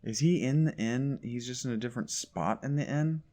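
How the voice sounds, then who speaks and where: A gaming YouTuber plays a video game and gives casual let's-play commentary that's sarcastic and grumbling. His voice is medium-pitched and a little mellow, at a moderate pace.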